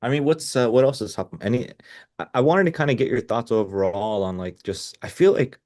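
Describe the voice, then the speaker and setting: A man's voice: medium pitch, fairly quick, darkish tone. A man from India coaching a client over a video call, laid-back and casual, saying "bro" often and swearing lightly. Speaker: business coach.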